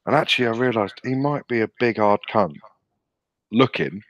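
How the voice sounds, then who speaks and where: A man's voice: fairly low pitch, moderate pace, no echo, dull audio. Sweary British man telling a story. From England. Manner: sweary, laughs often, animated retelling. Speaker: podcast co-host. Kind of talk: casual storytelling.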